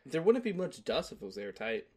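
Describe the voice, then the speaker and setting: A man's voice: mid-range voice, sing-song, brisk, husky. A man co-hosting a casual podcast, chipping in with skeptical, jokey remarks. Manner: skeptical, jokey interjections with mock quotes. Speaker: podcast co-host.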